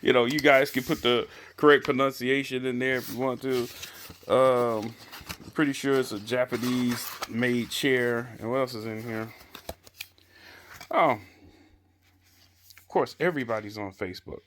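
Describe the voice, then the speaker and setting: A man's voice: mid-range voice, steady tone, a little slow, pauses often, a bit bright, a little hiss or hum. Chatty man rambling through a chair assembly. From Chicago area. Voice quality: rambling, chatty, hedges a lot with "I guess" and "you know". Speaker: product reviewer. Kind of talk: casual unscripted product review. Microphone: handheld camera mic.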